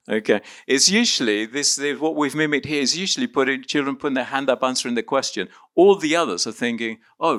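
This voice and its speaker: A man's voice: mid-range voice, fairly bright tone, no room sound. A man from Argentina leading an interactive teaching workshop, upbeat and encouraging as he coaxes volunteers along.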